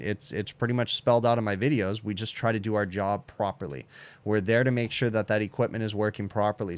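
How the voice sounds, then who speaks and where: A man's voice: lowish voice, smooth. A man hosting a casual livestream Q&A, blunt and opinionated, tacking "okay?" onto his points. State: sleepy, yawning. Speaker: HVACR channel host answering chat questions.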